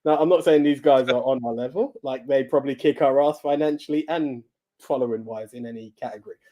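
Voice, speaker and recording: A man's voice: mid-range voice, fast, dark tone. Young man musing on a podcast. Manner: earnest, rambling opinions with laughs. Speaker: podcast co-host. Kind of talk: casual chat.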